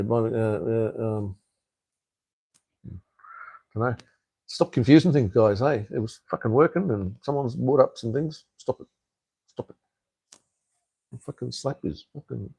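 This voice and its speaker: A man's voice: on the low side, unhurried, gravelly, long pauses, dark tone, husky. An Australian man rambles through a casual live stream, answering viewer comments as they come in. He swears freely and fills his talk with fillers and restarts. His voice sounds dry and close, with almost no room echo. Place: home in Cambodia.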